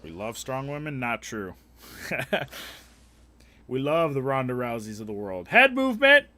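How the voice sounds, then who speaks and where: A mid-range, animated male voice at a measured pace carries this casual livestream chat, which rambles with fillers and restarts and is full of crude jokes and swearing.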